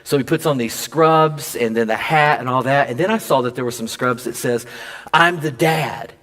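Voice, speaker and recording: Guy pastor preaching, tells his own story, acts out the quotes, voice jumps way up when he's surprised. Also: normal speed. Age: adult father. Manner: animated, acts out quoted dialogue with big pitch jumps. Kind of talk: sermon with personal storytelling.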